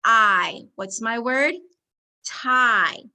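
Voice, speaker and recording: Slow, bright-voiced woman teaching phonics. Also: mid-range voice, creaky. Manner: slow, encouraging, sounds out words and blends. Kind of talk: phonics lesson for young children.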